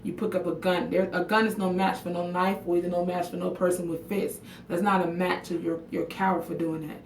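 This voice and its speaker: A woman talks straight to her livestream viewers, frank and emotional, swearing freely and calling out commenters by name. Her voice sits low with a gravelly fry. She stands in a bathroom some way from the mic, so the sound is echoey with faint room noise. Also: flat delivery, brisk. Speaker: livestream vlogger. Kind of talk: casual livestream chat to viewers. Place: bathroom at home. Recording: echoey room audio picked up from a distance.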